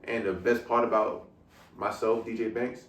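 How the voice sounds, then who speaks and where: A man's voice: lowish voice, steady tone, moderate pace, fairly bright tone. A man with a Brooklyn accent, a guest DJ talking in a hyped, boastful way with lots of slang. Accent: Brooklyn New York. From Brooklyn, New York. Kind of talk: casual podcast chat. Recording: roomy, distant mic with faint noise.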